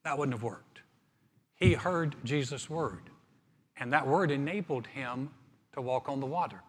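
A man preaching a sermon as pastor, reading scripture and then explaining it in a relaxed, conversational way with touches of humor. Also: mid-range voice, a little slow, long reverb tail, a little hiss or hum.

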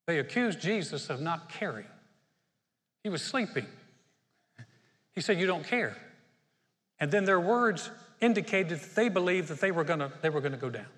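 A man preaching a sermon in an animated way, acting out prayers and quotes as he goes. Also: fairly high pitch. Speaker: pastor. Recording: long church reverb.

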